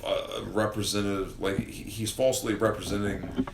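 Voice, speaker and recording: Excitable low-voiced male podcast co-host. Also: normal speed, background noise. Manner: excitable, swearing, with many fillers. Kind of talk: casual chat. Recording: echoey room, faint ambience.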